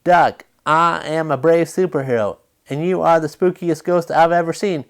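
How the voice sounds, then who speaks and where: A nervous young goose dressed as a superhero, crying out in alarm in a storybook read-aloud. A man puts him on, lifting his voice well above his usual reading pitch. The voice is urgent and breathless, with quick frightened bursts. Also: clean tone, lightly acted. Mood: hushed, determined.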